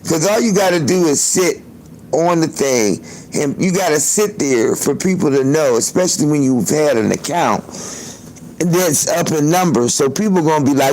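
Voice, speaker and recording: A man's voice: a little high, expressive, normal speed, a little mellow, low-quality recording. A man hosting a livestream, telling a story in a loose, profane, chatty way, laughing often, into a phone. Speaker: livestream host.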